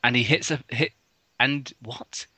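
A man reading a badly written story aloud for comedy, mocking its spelling and bursting into loud, over-the-top dramatic lines. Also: medium pitch, fairly even intonation, measured pace, noisy background. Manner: bursts into loud exaggerated outbursts, mocks spelling. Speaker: comedy reader of fan fiction. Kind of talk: mock dramatic reading with commentary.

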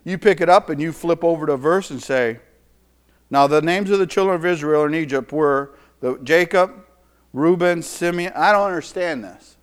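A middle-aged man preaching a sermon in a folksy, emphatic way, repeating phrases and swinging between loud declarations and quiet asides. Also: a little high, normal speed, clear, resonant tone.

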